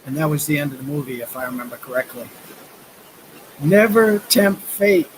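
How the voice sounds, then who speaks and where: A man's voice: mid-range voice, fairly even intonation, rapid-fire, a little hiss or hum, low-quality recording. A man in his fifties chatting casually on a live stream, rambling through stories with lots of fillers. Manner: rambling storytelling with frequent fillers. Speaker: vlogger. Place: outdoors by a river.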